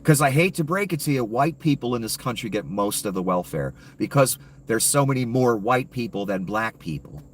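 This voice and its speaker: A man's voice: medium pitch, lively intonation, moderate pace, few pauses, distant mic, slight background noise. A man delivering a heated, profane, sarcastic political rant as a commentator.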